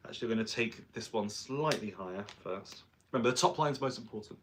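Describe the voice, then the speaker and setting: A young man talks through his drag makeup in a loose, rambling vlog chat. His voice sits fairly low, and he keeps slipping in self-mocking jokes as he goes. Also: expressive, quick pace, fairly bright tone, a little hiss or hum. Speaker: drag performer and vlogger. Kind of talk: casual vlog chat while doing makeup.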